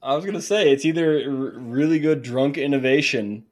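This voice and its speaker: Man, podcast host, casual, chatty, mid-pitched. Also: fairly quick, a little mellow. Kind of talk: casual interview chat.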